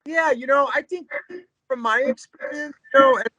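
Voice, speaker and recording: A man with a high, piercingly bright voice spins loose, rambling anecdotes as a guest. His delivery is laid-back and casual, full of filler and easy asides. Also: moderate pace, no room sound, muffled recording. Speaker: drummer, interview guest. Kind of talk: casual storytelling interview.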